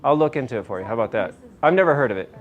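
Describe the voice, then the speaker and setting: A man's voice: mid-range voice, rapid-fire, narrow, tinny audio. Hyper guy giving a health talk to a room, keeps asking the crowd stuff. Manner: energetic, asks the audience questions, self-described hyper. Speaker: chiropractor giving a nutrition talk. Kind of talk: casual health lecture to a live audience. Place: small meeting room with an audience.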